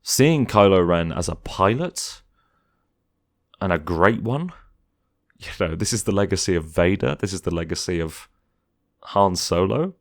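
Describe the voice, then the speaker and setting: A man's voice: low voice, animated, unhurried, pauses often. A man chatting casually through a film commentary, sometimes mocking critics in put-on voices.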